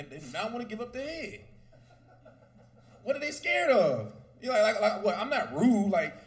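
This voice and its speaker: A man in his thirties performing a loud, profane stand-up comedy set. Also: sits high. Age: 30s. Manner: loud, animated, profane delivery.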